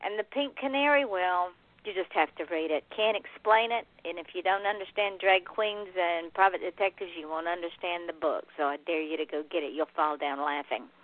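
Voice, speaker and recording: A woman's voice: lowish voice, brisk, no room sound. A woman hosting an internet radio show, folksy and enthusiastic, saying y'all. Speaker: podcast host. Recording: tinny phone line.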